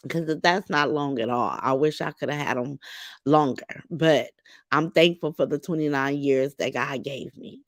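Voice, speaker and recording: Middle-aged lady talking to her viewers, gravelly low voice, dry close mic. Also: normal speed, dry recording. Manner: greets viewers by name, warm and chatty. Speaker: livestream host. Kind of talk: casual livestream chat.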